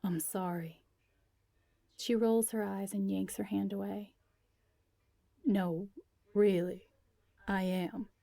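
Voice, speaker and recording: A woman reading a story aloud, voicing an earnest young man who speaks softly. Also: mid-range voice, fairly even intonation, takes it slowly, vocal fry, pauses often, no room sound. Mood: apologetic. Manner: soft and earnest.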